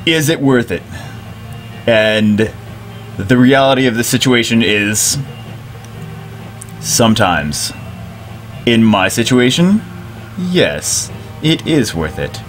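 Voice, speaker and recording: A man giving excited commentary over a mobile game, giddy, loud and swearing, laughing as he plays. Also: mid-range voice, measured pace, pauses often, faint music behind. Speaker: mobile game video creator.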